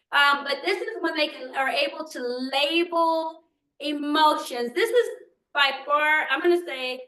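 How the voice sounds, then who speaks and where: Older woman, workshop presenter, high bright voice, animated, echoey room. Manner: animated, asks the audience questions, acts out quotes. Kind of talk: live presentation to parents. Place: meeting room.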